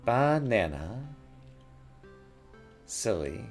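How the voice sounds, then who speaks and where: A man's voice: fairly low pitch, slow pace, vocal fry, faint music behind. A man thinking aloud as he plays a word puzzle game, musing and muttering words over to himself at a desk mic. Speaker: gaming YouTuber.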